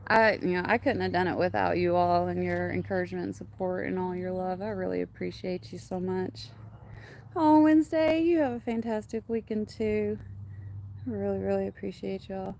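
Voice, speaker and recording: A woman's voice: medium pitch, normal speed, darkish tone, a little hiss or hum. A woman chats with her viewers from her yard in a mid-range voice. She rambles along with many fillers and stops now and then to coo at her dogs. Faint outdoor ambience sits behind her. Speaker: livestream host. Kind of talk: casual chat with viewers.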